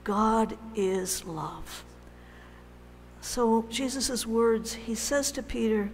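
Woman, sermon, unhurried delivery, conversational storytelling, long church reverb, faint hum. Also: a little high. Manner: conversational, animated storytelling with pauses. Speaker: preacher.

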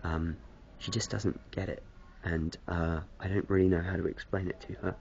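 A man's voice: sits low, fairly even intonation, moderate pace, vocal fry, a little mellow, dull audio, slight background noise. A man rambling hesitantly to camera in a casual vlog, self-deprecating, smoking as he talks. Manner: smoking a cigarette while talking. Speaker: video blogger.

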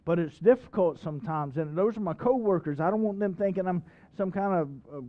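A man's voice: high-pitched, brisk, narrow, tinny audio. A male pastor preaching a sermon in a church, folksy and emphatic, asking the congregation questions. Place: church sanctuary.

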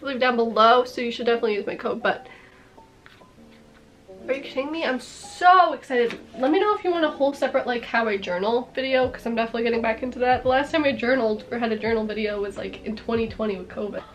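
A young woman with a cold talking excitedly in a casual haul vlog, gushing over her purchases. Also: a little high, quick pace, highs cut off. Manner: bubbly and gushing, lots of "like" and "are you kidding me". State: congested with a cold. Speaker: vlogger.

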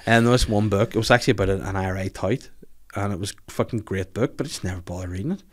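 A man's voice: fairly low pitch, fast. A man in his thirties, hosting a podcast in casual chat, sweary, jokey and rambling with lots of restarts. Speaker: podcast host.

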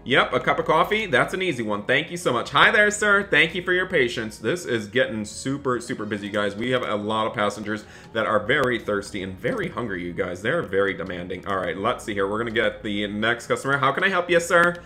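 A young man commentating a role-play game as a flight attendant, talking excitably straight to his viewers. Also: medium pitch, a little fast, hardly any pauses. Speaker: gaming YouTuber.

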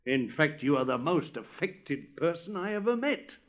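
A man's voice: on the high side, big pitch swings, moderate pace, a bit bright, highs cut off. Man doing a prickly Bengal light firework. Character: touchy, self-assured Bengal light firework.

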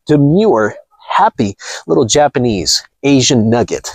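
A man's voice: mid-range voice, big pitch swings, normal speed, husky, dry recording. A man vlogging outdoors in a casual, blunt, mocking rant, speaking straight to his viewers. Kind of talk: casual ranting monologue.

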